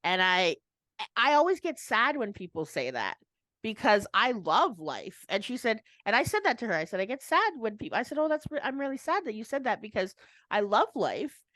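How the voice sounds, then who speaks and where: A woman's voice: a little high, sing-song, normal speed, fairly bright tone, no echo. A woman co-hosting a casual chat, rambling and laughing often as she restarts her thoughts. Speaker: co-host.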